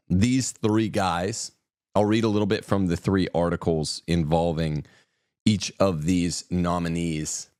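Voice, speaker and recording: A man's voice: sits low, fairly even intonation, takes it slowly, darkish tone, no room sound, clean studio sound. A man hosting an opinionated news commentary show, reading headlines and adding sarcastic, mocking asides. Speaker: host.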